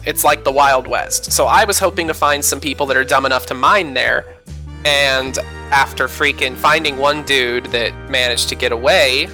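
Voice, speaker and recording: A man's voice: mid-range voice, bright, forceful tone, rough recording. A man from the American South telling a gaming story on a casual podcast, with frequent fillers. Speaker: podcast co-host.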